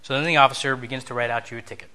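A man's voice: mid-range voice, fairly even intonation, racing, sharp tone. A man giving a conversational sermon lesson, telling a story, acting out bits of dialogue and asking his listeners questions.

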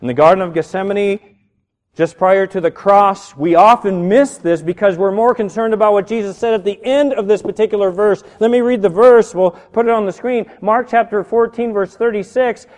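A middle-aged man pastor preaching a sermon, animated and building to shouts on key words. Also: high voice, normal speed. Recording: reverberant hall.

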